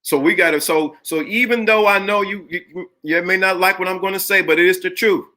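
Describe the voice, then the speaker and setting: Hosting a live-streamed talk show, this man has a bright, forceful voice pitched a little above the usual male range, with a steady tone and a slightly fast pace. He preaches his points emphatically, hammers key phrases repeatedly, and calls out chat viewers by name.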